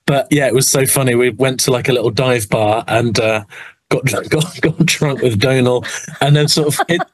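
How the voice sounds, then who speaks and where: A man's voice: mid-range voice, normal speed, no room sound, poor audio. An English man, an actor being interviewed, talking in a rambling, self-deprecating way with lots of restarts. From England. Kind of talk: casual interview chat.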